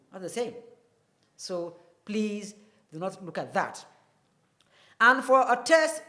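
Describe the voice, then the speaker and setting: A woman teaches an English lesson on television at an unhurried pace, stretching her words. She spells words out letter by letter, her voice sitting at a middle pitch. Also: fairly bright tone. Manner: slow, drawn-out explaining, spelling out letters. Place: TV studio.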